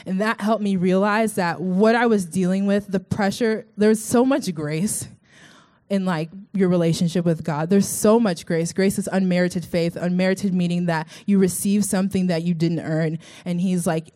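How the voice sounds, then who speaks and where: A woman's voice: fairly low pitch, steady tone, moderate pace, dark tone. A young woman from Texas telling her personal faith story in an earnest, chatty way, with many fillers. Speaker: vlogger.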